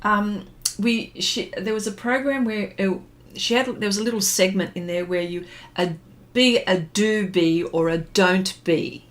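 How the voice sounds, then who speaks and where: A middle-aged woman talks through an art livestream in an easygoing, rambling way, stopping often with ums and little laughs. Her pace is slow and her pitch sits in a middle range. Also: steady tone. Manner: rambling, reminiscing, with many fillers and laughs. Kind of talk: casual chat while drawing and reading viewer comments.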